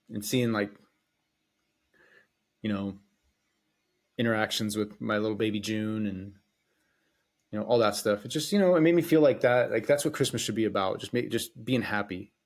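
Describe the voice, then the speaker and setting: A man's voice: on the low side, animated, measured pace, long pauses. A man hosting a solo podcast, talking in a casual, rambling way, swearing freely and hesitating often. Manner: rambling and profane, with frequent hesitations. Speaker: podcast host.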